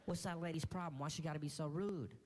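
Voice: mid-range voice, fairly even intonation, fast talker, heavy background noise. A stand-up comedian telling travel stories, with a strong stutter that repeats words many times. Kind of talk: stand-up routine.

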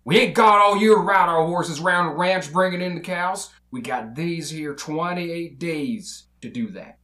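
Gruff cussing rancher, read by a man, bright twang, roomy echo. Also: fairly high pitch, unhurried. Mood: stern. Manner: rough drawling scolding. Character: gruff bossy male rancher, impatient and cussing. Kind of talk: comedy table read.

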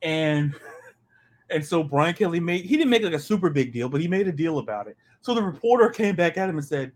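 A man from the American South co-hosting a podcast, talking in an animated, ranting way and stumbling over repeated words when excited. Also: fairly high pitch, brisk, a little hiss or hum. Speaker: podcast co-host. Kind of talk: casual sports chat.

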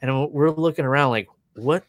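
A man's voice: medium pitch, normal speed, a bit bright, no room sound, studio quality. Chuckling man telling a story. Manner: chuckling, filler-heavy storytelling. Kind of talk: casual anecdote telling.

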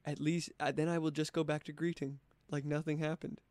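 A feelingless greeter robot, voiced by a man with a smooth, fairly high voice. It delivers monotone, mechanical statements. The sound is dry and close. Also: fairly quick, dry recording, close to an everyday voice. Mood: emotionless. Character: emotionless male greeter robot.

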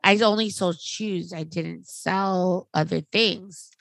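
Woman, thirties, podcast co-host, lively storytelling, bright voice, lowish pitch. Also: slow pace, vocal fry, dry recording. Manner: animated storytelling, quoting others. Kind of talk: casual chat.

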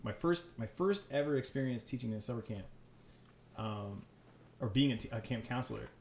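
Brief: male teacher guest, rapid animated storyteller, roomy echo, faint room hum. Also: medium pitch, creaky. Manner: fast, animated storytelling with many fillers. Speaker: high school teacher, podcast guest. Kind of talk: casual chat. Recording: echoey room.

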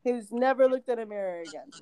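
A woman's voice: a little high, lively intonation, fast, mellow, smooth. Laughing woman telling a story. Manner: laughs often, easygoing storyteller. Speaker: podcast co-host. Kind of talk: casual storytelling.

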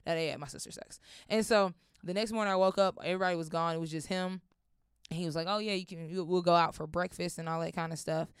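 A woman's voice: fairly low pitch, fast, clean tone, dry recording, clean studio sound. A young woman, telling a personal story casually, acting out voices and swearing freely. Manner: animated, acts out voices, swears often.

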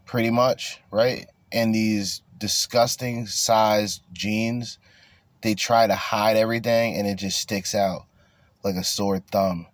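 A man's voice: lowish voice, steady tone, slow pace, no echo. A man hosting a casual podcast, ranting bluntly and crudely with lots of swearing. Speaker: podcast host.

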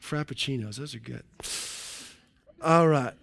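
A man preaching a sermon in an animated way, with frequent calls of hallelujah and joking asides to the congregation. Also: medium pitch, measured pace, vocal fry, soft background music. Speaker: pastor.

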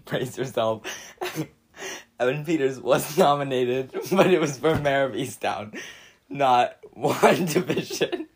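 Laid-back podcast cohost, teasing, laughs a ton, middle pitch. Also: expressive, takes it slowly, a little hiss or hum. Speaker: podcast co-host. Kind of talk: casual chat.

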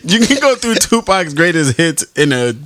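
A man's voice: fairly high pitch, very animated, normal speed, sharp tone. A man co-hosting a podcast, joking and laughing through casual banter with friends. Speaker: podcast co-host. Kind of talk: casual chat.

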